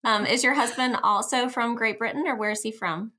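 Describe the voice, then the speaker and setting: A woman's voice: fairly high pitch, steady tone, brisk. A woman hosting a faith podcast, asking questions with enthusiasm and easy laughter. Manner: warm, enthusiastic, laughs easily. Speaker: podcast host. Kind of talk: conversational interview.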